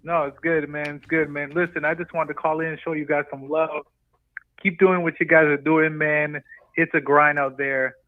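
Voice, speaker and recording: A man's voice: fairly high pitch, level tone, moderate pace, no room sound. A man from Canada calling in to a podcast, chatting in a friendly, easygoing way. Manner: friendly, peppers his talk with "man". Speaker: caller. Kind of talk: casual chat. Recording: tinny phone line.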